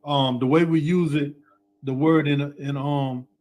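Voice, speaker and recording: A man's voice: fairly high pitch, steady tone, unhurried, a little mellow. A man in an online scripture class over a video call, who chimes in with repeated affirmations and talks loosely, with lots of fillers. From United States.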